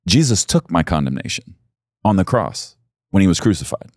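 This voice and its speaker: A man's voice: low-pitched, big pitch swings, normal speed, no room sound, clean studio sound. A middle-aged male pastor preaching a sermon in an earnest, intimate way that swells to emphatic peaks.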